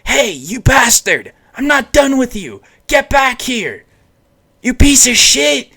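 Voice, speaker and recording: A man voicing a brash, foul-mouthed young boy who shouts defiantly in a raised voice. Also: very high voice, big pitch swings, normal speed, voice pushed up, exaggerated voice. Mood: angry defiant.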